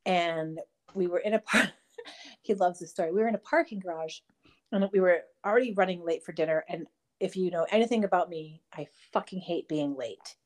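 A woman co-hosting a podcast in casual chat, telling stories in an animated, profane way. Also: fairly low pitch, brisk. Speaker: podcast co-host.

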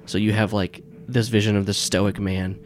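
A man's voice: lowish voice, little pitch movement, moderate pace, slight background noise. A man narrating a tabletop game as game master, rambling with many fillers and restarts.

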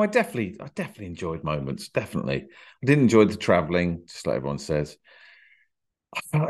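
A man's voice: on the low side, a little mellow. A man guesting on a podcast, talking shyly with dry, self-deprecating humour. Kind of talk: casual podcast interview.

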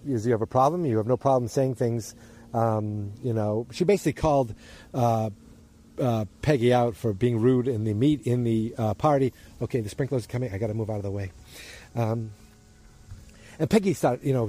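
Mellow-voiced man recapping an episode. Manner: rambling, acts out quoted lines with jumps in pitch. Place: outdoors near turning-on sprinklers.

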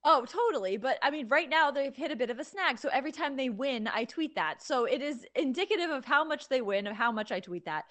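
A young woman from Connecticut with no regional accent, co-hosting a casual sports betting chat in an animated, opinionated way. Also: sits high, brisk, few pauses. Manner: animated, opinionated, chatty with fillers. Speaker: sports betting podcast co-host.

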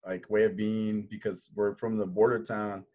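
A man's voice: fairly low pitch, flat delivery, moderate pace, dull audio, very noisy. A man hosting a casual interview speaks. He agrees readily and adds short remarks. His delivery is conversational and easygoing. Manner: agreeable, chimes in with short affirmations. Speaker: interview host.

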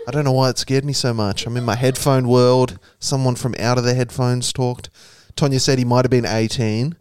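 A young Australian man co-hosting a podcast, trading relaxed jokes and banter in casual chat. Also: mid-range voice. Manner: relaxed, joking, quick banter. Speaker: podcast co-host.

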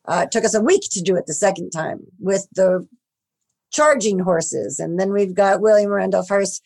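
A woman, a film makeup artist, telling stories in an interview, growing animated when excited. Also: mid-range voice, moderate pace, creaky. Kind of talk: interview, casual storytelling.

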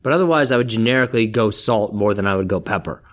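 A man's voice: on the low side, fast talker. A man co-hosting a podcast in casual chat, blunt and teasing. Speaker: podcast co-host.

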